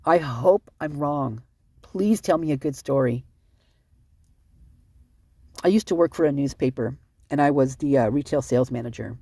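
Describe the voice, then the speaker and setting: A vlogger reading out police reports and rambling in commentary, upset and short on sleep, talking fast and cutting themself off. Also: medium pitch, warm tone, dry recording. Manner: fast, rambling, self-interrupting.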